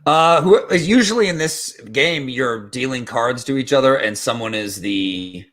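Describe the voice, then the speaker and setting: A man's voice: mid-range voice, lively intonation, normal speed, fairly bright tone. A man hosting a casual game stream, joking and rambling as he explains a card game. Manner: joking, rambling, laughs often. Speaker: stream host.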